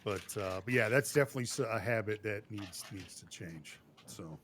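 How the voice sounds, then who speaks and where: A man's voice: lowish voice, moderate pace, a bit bright, slight background noise. A man co-hosting a live cooking stream, speaking in a casual, hesitant way with many fillers and restarts. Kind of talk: casual chat.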